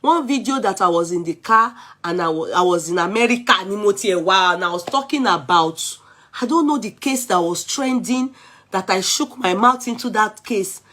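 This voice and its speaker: Animated Nigerian woman vlogger. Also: mid-range voice, moderate pace. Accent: Nigerian English. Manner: mixes English, Yoruba and pidgin, animated. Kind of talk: casual chat.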